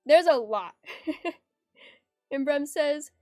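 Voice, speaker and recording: Bubbly high-voiced woman streamer. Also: lively intonation, extremely slow, darkish tone, dry recording. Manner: bubbly and giggly, reads chat aloud. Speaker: art streamer. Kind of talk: casual chat while drawing on stream. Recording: dry close sound with faint background music.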